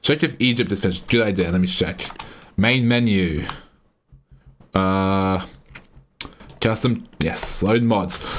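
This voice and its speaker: A man's voice: on the low side, a bit bright. Rambling Australian man streaming live. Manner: rambling, self-interrupting, chatty. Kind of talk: casual live-stream chat.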